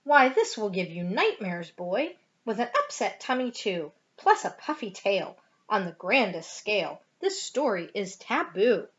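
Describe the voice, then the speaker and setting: A woman's voice: medium pitch, sing-song, measured pace. A woman voicing a fussy mother cat who scolds her kitten, reading a picture book aloud. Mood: fretful. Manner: scolding, emphatic. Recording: dull lo-fi home recording.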